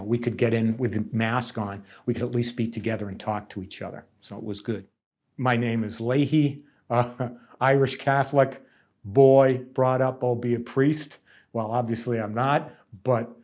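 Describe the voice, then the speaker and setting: A middle-aged man from central Massachusetts speaks in an interview as a nursing union negotiator. He talks emphatically, doubles back on his words and slips into the voices of the people he describes. His voice sits at an ordinary middle pitch. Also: a little mellow. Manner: emphatic, repeats himself, voices others' words. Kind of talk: interview answers, reflective storytelling.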